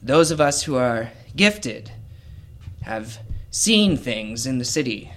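A man voicing an old, nearly blind male gnome seer who speaks in a grave, halting way. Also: mid-range voice, very animated.

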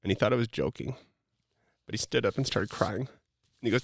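A man recounts personal stories in an easygoing, animated way, full of "like" and "I go" as he acts out both sides of conversations. His voice sits low with a gravelly edge. The sound is close and dry. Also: brisk, no echo. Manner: animated, acts out dialogue, many fillers. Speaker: guest telling stories. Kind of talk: casual storytelling.

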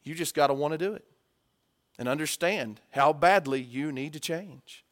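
Male preacher, higher pitch, sermon with dramatic loud-soft swings. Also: normal speed. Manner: swings from hushed to loud, acts out story voices.

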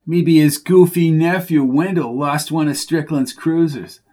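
A wisecracking sidekick talks with sarcastic, jumpy energy, as a male narrator puts him on. His voice sits a little higher than the storyteller's own. This audiobook figure is quick with a jab. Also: steady tone, warm tone. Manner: sarcastic and jokey. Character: wisecracking excitable man, a race-betting sidekick.

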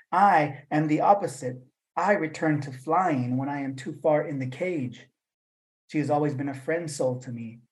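A man reading his own poems and then talking about them, in a measured voice for the verse and a loose, rambling one with fillers for the talk, over a video call. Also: fairly high pitch, a little mellow, poor audio. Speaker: poet reading his work. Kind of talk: poetry reading and talk at a virtual event.

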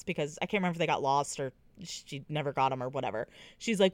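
A woman's voice: fast talker, few pauses, clear, resonant tone, no echo. A woman co-hosting a casual book podcast, retelling scenes and lifting her voice for the quoted characters. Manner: animated, acts out quoted characters with lifted pitch. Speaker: podcast co-host. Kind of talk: casual book-club chat.

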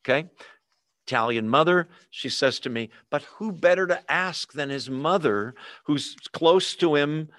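Animated male preacher, dry sound. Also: on the high side, measured pace, dry recording. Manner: animated, mocking quotes, rhetorical questions. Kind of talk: sermon.

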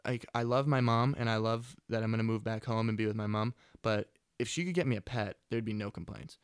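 A man's voice: fairly low pitch, fairly quick, clean tone, no echo. A man in his twenties rambling through a casual, profane podcast monologue on a close mic. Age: 20s. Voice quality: profane, laid-back and chatty. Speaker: podcast host. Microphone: close studio mic.

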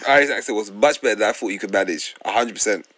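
A man co-hosts a casual football podcast. He is laid-back and teasing, drops slang often, and speaks in a slightly low voice. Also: racing, fairly bright tone. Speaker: podcast co-host.

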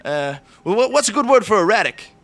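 A man's voice: high voice, sing-song, fairly quick, fairly bright tone, full character voice. A man playing a stammering, panicky hypochondriac crew member in an audio comedy. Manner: stammering, hysterical.

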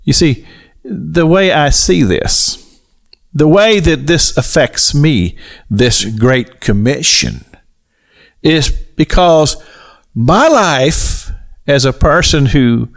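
A middle-aged male pastor giving a radio sermon, slow and deliberate, building to emphatic highs as he tells the story. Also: lively intonation, vocal fry.

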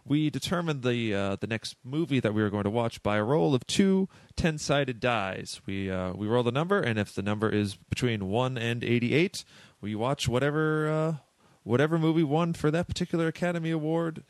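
A man from the Boston area hosting a podcast in casual, halting chat full of fillers. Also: medium pitch, no echo. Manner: chatty, halting, lots of fillers. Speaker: podcast host.

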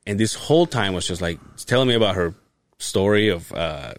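Man, lively pitch, dry close sound, casual podcast storytelling. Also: brisk, no room sound. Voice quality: animated, swears freely, laughs while telling. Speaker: podcast co-host.

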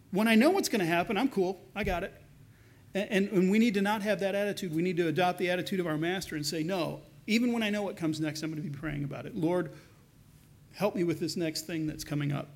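A pastor preaching a sermon in an earnest, conversational way, slowing down to read scripture with emphasis. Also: male voice, sits high.

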